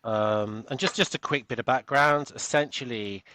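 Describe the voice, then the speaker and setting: A man's voice: medium pitch, moderate pace, sharp tone, a little hiss or hum. A British man, a coach and author, talking earnestly as a podcast guest and often repeating words as he goes. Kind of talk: podcast interview.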